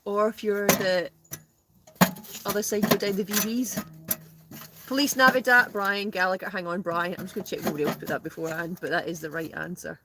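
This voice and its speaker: A woman's voice: medium pitch, steady tone, fairly quick. Woman chatting away in a noisy tent, reads out comments, laughs a lot. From Scotland. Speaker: guest, host's sister. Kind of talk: casual live stream chat. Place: inside a smoky tent.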